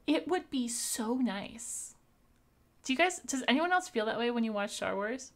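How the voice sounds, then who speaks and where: A woman's voice: on the high side, expressive, normal speed. A young woman from Canada streaming live, chatting in a bubbly way with viewers and laughing often as she thanks them. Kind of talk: casual live-stream chat over gameplay.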